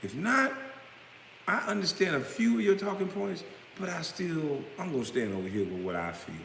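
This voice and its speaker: A man in his thirties ranting bluntly to camera, swinging from low mutters to loud outbursts. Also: sing-song, normal speed, creaky, a little hiss or hum. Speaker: vlogger. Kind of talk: profane rant to camera. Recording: echoey room with long reverb.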